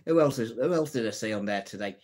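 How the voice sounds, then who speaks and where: A man's voice: medium pitch, lively intonation, fast, darkish tone. A man hosting a live stream, telling jokes, laughing at his own puns and chatting to viewers. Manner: greets and answers viewers' comments.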